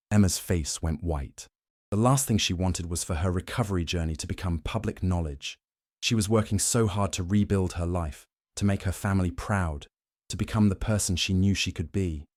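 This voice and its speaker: Deep low male storyteller, dry close sound, measured. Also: darkish tone, no room sound. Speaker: narrator. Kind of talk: scripted narration.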